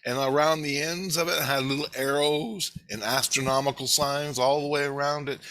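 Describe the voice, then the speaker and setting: A man's voice: fairly high pitch, moderate pace. A man telling a rambling story in a casual monologue, cursing freely and acting out the voices of the people he quotes. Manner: animated, profane, acts out quoted voices. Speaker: vlogger.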